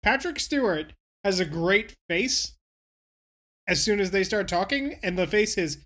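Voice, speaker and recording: Brash, profane female co-host; bright, sharp tone. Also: mid-range voice, animated, unhurried. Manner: brash, profane, acts out characters' reactions. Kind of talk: casual chat, recapping an episode.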